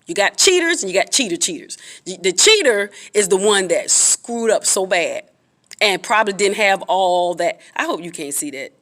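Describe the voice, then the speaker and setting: A woman's voice: big pitch swings, moderate pace, fairly bright tone. Earnest woman giving heartfelt advice. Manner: earnest, repetitive, preachy with emphatic pitch swings. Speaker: vlogger giving relationship advice. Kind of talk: casual advice talk to camera.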